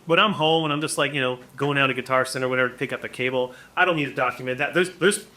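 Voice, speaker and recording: Male podcast guest, forties, animated storyteller; bright, forceful tone. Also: medium pitch, rapid-fire. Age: 40s. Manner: animated, acts out quotes, many restarts. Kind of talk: casual storytelling.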